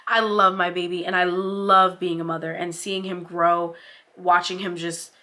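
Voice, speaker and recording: This young vlogger has a lowish, level voice at a moderate pace, bright and forceful in tone. In her casual seated chat she's heartfelt and teary, says "like" a lot, and encourages other mothers by calling them "mama."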